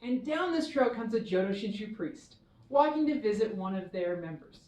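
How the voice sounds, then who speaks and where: A woman minister giving a children's dharma talk, telling a story in a warm, expressive way. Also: mid-range voice, normal speed. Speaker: temple minister. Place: temple hall. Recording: echoey hall, mic far off.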